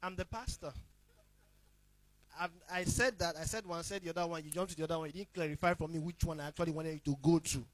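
A male pastor with a high voice preaches a sermon at a fast clip, driving his points home by repeating them and keeping his intonation fairly even. He alternates between loud proclamations and soft, hushed asides. The recording is close and dry, without any room echo.

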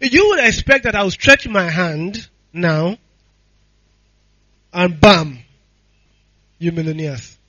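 A male pastor preaches with fervor, calling on the congregation to answer back. His voice sits high and sounds bright and forceful. The recording is dry, with a slightly dull sound. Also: lively intonation, slow pace, long pauses, no echo. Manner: impassioned call-and-response preaching. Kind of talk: sermon.

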